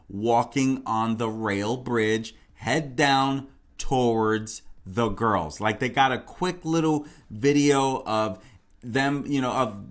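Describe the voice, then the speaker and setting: A man hosting a casual true crime commentary, rambling and repeating himself with many fillers. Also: mid-range voice. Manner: repetitive, rambling, full of "you know" and "like". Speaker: true crime channel host.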